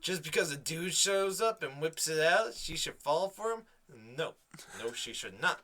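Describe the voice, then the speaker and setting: A young man co-hosts a loose, casual podcast with his friend. He teases and jokes constantly, and his pitch swings all over the place. His voice has a bright, forward tone. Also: moderate pace. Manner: animated, teasing, jokey. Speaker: podcast co-host. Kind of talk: casual chat.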